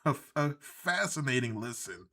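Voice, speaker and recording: A man's voice: medium pitch, sing-song, moderate pace, sharp tone. A man hosting a live stream, rambling in casual commentary, sardonic and laughing at his own jokes.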